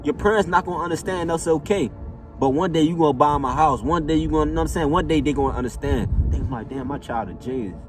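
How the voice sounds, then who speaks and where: A man's voice: fairly high pitch, quick pace, distant mic, over music. A man giving a casual, emphatic motivational monologue, repeating himself and checking in with "know what I'm saying". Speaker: motivational vlogger.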